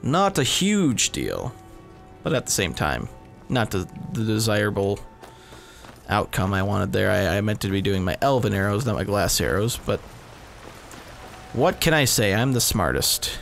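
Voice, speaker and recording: A man's voice: lowish voice, normal speed, gravelly, fairly bright tone. A man giving rambling, casual commentary as he plays a game, mocking himself and swearing often. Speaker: gaming video host. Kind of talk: casual let's-play commentary. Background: game sounds and music.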